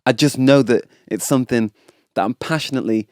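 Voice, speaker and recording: A man's voice: mid-range voice, a little fast. Male host, easygoing couch-chat talker, rambles through stories with energy. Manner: rambling, animated storytelling with laughs. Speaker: podcast host. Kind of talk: casual chat. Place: studio couch.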